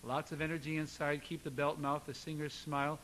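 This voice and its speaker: A man teaching a singing lesson, coaching a student with lively encouragement and sung demonstrations. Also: a little high, fairly quick, slight background noise, low-quality recording.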